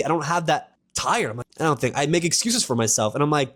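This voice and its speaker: Excitable young man ranting about football. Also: fairly high pitch, quick pace. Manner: rambling, excitable, crude jokes, frequent restarts. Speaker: sports vlogger. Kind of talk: casual sports rant to camera.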